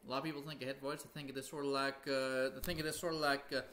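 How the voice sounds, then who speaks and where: A man's voice: mid-range voice, little pitch movement, very fast, bright, forceful tone, slight background noise. A man teaching casually on a livestream, rambling and often breaking into sung demonstrations. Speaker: music teacher hosting a livestream.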